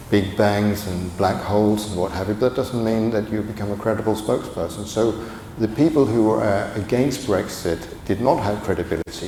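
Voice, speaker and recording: A man's voice: lowish voice, warm tone. A man giving a conference talk as a guest professor, conversational and digressive, with humorous asides. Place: large conference hall. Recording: echoey hall, faint background noise.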